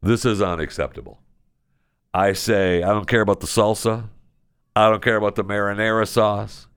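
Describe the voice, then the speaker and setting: A deep-voiced man rants his way through a casual comedic monologue as a podcast host, full of sarcastic mock outrage. His voice sits very low, and the sound is dry and close, with no room echo. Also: fairly even intonation, moderate pace, a bit bright, clear, resonant tone.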